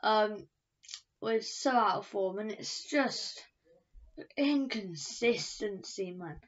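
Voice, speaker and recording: A woman's voice: medium pitch, animated, slow. A woman giving a fan's match review vlog, ranting in frustration and repeating herself. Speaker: football fan reviewer. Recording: dull lo-fi recording.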